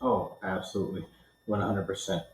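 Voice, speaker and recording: A man hosts a podcast in casual conversation, affirming his guest and asking open questions with animated energy. His voice sits low, and the recording carries a noticeable roomy echo. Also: moderate pace. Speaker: podcast host. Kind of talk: casual interview chat.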